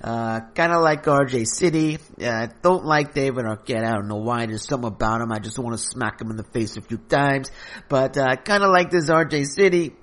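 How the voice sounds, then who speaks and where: A man voicing a loud, foul-mouthed, violent male mobster who swears constantly and talks pushy and brash. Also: mid-range voice, normal speed, close to an everyday voice. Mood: brash, aggressive.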